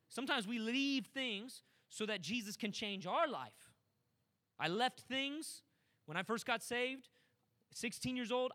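A man preaching a sermon, swinging between quiet asides and loud, climbing shouts. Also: high voice. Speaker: pastor.

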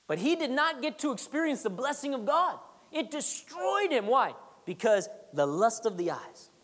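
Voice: high-pitched, very animated, normal speed, fairly bright tone. A pastor preaching a sermon in a conversational way, hammering points through repetition and teasing the congregation. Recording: long reverb of a large hall.

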